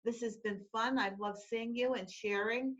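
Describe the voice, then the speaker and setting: A woman's voice: fairly high pitch, steady tone, normal speed, muffled recording, slight background noise. A woman hosting a casual web-show interview over a video call, effusive and encouraging. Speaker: host.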